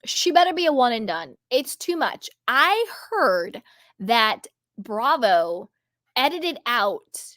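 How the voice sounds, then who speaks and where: A woman's voice: a little high, very animated, takes it slowly, fairly bright tone, no echo, clean studio sound. A woman hosting her own channel, giving emphatic, opinionated reality TV commentary and repeating her points for effect. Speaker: channel host.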